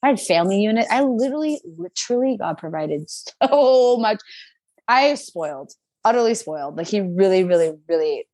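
A young woman tells a story in an animated, chatty way, her words full of fillers. Her voice is pitched in the middle for a woman. It is recorded dry and close, with no room sound. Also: normal speed, no echo. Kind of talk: casual storytelling chat.

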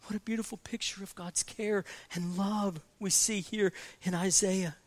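A man with a notably high voice delivers a sermon on scripture. He leans on repetition, drops soft and low, then builds to loud, ringing emphasis. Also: steady tone, normal speed. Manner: emphatic, repeats key phrases, swings from soft to loud. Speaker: preacher.

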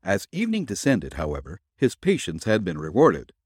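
A man's voice: on the low side, huge pitch swings, moderate pace, a little mellow, husky, no echo, clean studio sound. A man narrating a detective ghost story as podcast host, reading expressively and dramatically.

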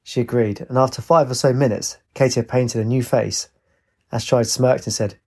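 A man, reading a story aloud as narrator in a steady, even way. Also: medium pitch, moderate pace, breathy edge.

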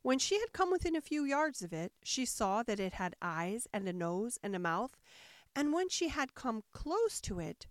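A woman reads a children's classic aloud, her voice rising and falling with a lively storytelling lilt. The sound is dry and close, with no room echo at all. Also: on the high side, moderate pace. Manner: expressive, storytelling cadence. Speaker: audiobook reader. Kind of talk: storybook narration.

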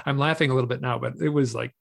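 A man, a podcast guest and author, telling a personal story in a casual, animated way, often restarting his sentences. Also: medium pitch, gravelly, breathy edge. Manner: animated, emotional retelling with many restarts. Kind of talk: conversational storytelling.

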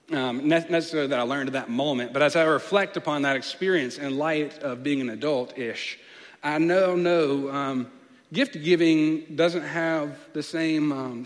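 A man, preaching a sermon as a playful, animated storyteller. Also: fairly high pitch. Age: late 20s. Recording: long reverb of a large hall.

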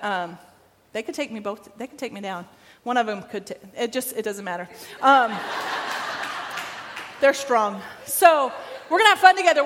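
High-voiced woman preaching in a hall. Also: a bit bright. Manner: conversational and emphatic, repeats phrases, asks "right?". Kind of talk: sermon. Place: church sanctuary.

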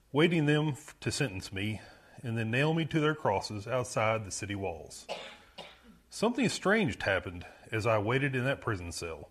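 A man's voice: mid-range voice, a bit bright, slightly rough. A man playing a guilty, defiant male rebel prisoner in a dramatic first-person monologue, brooding and self-justifying.

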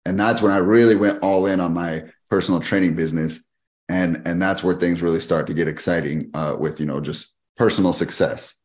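In a casual storytelling interview, a deep-voiced, middle-aged fitness business owner appears as a podcast guest. His telling is lively and fast-moving, and he acts out the people he quotes.

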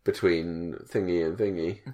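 A man's voice: sits low, fairly even intonation, normal speed, warm tone. A man co-hosting a podcast, casually riffing and joking with his partner. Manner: jokey, riffs on his partner's stories. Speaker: podcast co-host. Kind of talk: casual comedic chat.

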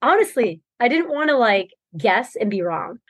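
Brief: woman podcast guest, rambling storyteller, laughs a lot, fairly high voice, dry close sound. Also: big pitch swings, moderate pace, breathy edge, no echo. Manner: rambling storytelling, laughs often, many fillers. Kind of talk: casual interview chat.

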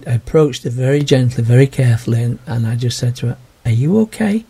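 Mellow, husky older man. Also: mid-range voice, steady tone, fast. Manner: gentle, earnest storytelling. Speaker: interviewee. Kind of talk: reflective personal testimony.

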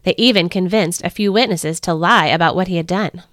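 A woman host reading a family devotional story aloud in an earnest, expressive way. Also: on the low side, fairly quick, dry recording, studio quality. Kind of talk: scripted storybook narration.

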